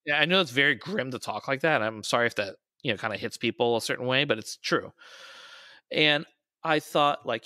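Male podcast guest with a bright, dry voice who tells stories and acts out the quotes. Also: mid-range voice, fairly quick, dry recording. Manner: storytelling, raises his voice to quote people. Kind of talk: casual podcast conversation.

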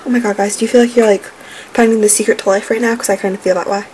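A woman's voice: medium pitch, fairly even intonation, very fast, a little mellow, slight background noise, poor audio. A young woman chatting casually on her home vlog, bubbly and full of "like" fillers. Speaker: vlogger.

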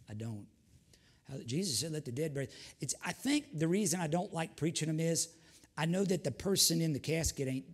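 Older preacher guy, fired up, lots of hallelujahs and folksy jokes, voice on the high side. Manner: fervent preaching with repeated hallelujahs, folksy asides. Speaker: pastor. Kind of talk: sermon.

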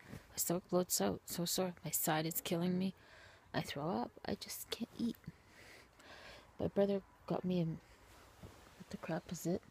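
A woman vlogging to her camera in a weary, complaining way, often sinking into a breathy whisper. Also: fairly low pitch, fairly even intonation, measured pace, pauses often, darkish tone, slight background noise. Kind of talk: casual talk to camera.

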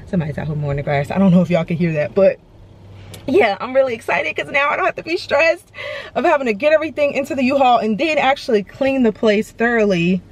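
A woman's voice: fairly high pitch, expressive, fast talker. Chatty woman vlogging. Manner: chatty, talks straight to viewers. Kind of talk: casual chat to camera. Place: apartment and outdoors on moving day.

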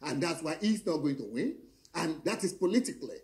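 A man's voice: on the high side, lively intonation, fairly quick, a little mellow. A middle-aged man, preaching in a confrontational, declaiming way with pointed rhetorical questions. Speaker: pastor. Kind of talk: fiery preaching monologue.

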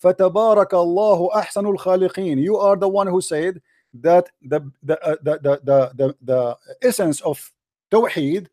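A man's voice: fairly high pitch, measured pace, dark tone, no echo, clean studio sound. A man from the Middle East whose first language is Arabic hosts a heated debate and keeps repeating his questions insistently. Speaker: debate host.

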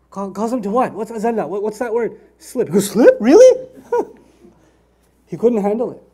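Male preacher, Quran commentary lecture, animated and chatty, acts out quotes. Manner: animated, conversational, acts out quotes with rising pitch and laughter. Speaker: Islamic preacher.

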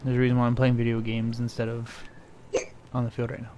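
A man's voice: medium pitch, monotone, quick pace, dark tone, slight background noise. A young man chatting and trash-talking with friends while playing a game on a live stream. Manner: teasing, jokey, trash talk while playing. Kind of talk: casual chat during a live game stream.

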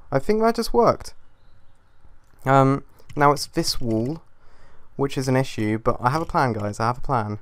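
A young man talks his way through a building game in a casual, unscripted commentary. He mutters half-sentences to himself, swears freely and lets his irritation show at every glitch. His voice sits at an ordinary middle pitch for a man. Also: animated, normal speed, creaky, no echo. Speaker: gaming YouTuber.

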